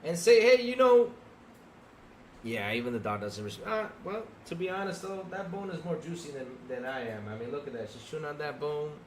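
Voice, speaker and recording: Man, podcast co-host, heated rhetorical rant, higher voice, faint background noise. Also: animated, quick pace, few pauses. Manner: heated, exasperated, rhetorical ranting. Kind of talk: ranting livestream podcast talk.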